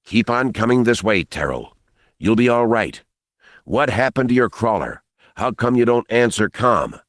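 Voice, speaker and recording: A man's voice: medium pitch, very animated, measured pace, no echo, clean studio sound, voice pushed up. A man doing a ragged, snarling militia leader. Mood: wary. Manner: gruff and snarling. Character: ragged, exhausted, hostile male militia leader.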